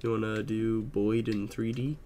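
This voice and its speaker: A man's voice: fairly low pitch, flat delivery, unhurried, mellow, a little hiss or hum. A man co-hosting a podcast in casual chat, rambling with many fillers and swears. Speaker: podcast co-host.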